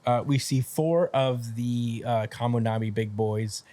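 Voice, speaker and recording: A man's voice: mid-range voice, steady tone, measured pace, dark tone. A man co-hosting a podcast, casually recapping a manga chapter in a rambling, filler-heavy way. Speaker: podcast co-host.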